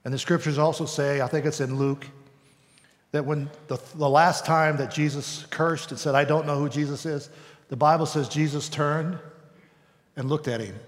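A man's voice: medium pitch, long reverb tail. A male pastor preaching a sermon in a conversational way, sometimes acting out voices.

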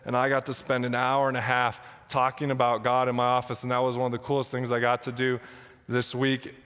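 A man's voice: medium pitch, completely flat delivery, a little fast, a bit bright, clear, resonant tone. Young male pastor, passionate sermon and prayer, on the verge of tears, recorded in a reverberant sanctuary. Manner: passionate, emotional, near tears. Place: church sanctuary. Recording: long hall reverb.

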